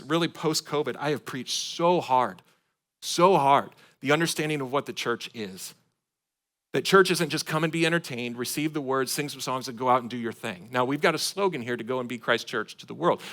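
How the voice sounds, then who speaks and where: A man from Michigan preaching a sermon to his congregation, swinging between loud emphatic points and quiet asides. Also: medium pitch. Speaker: pastor. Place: church sanctuary.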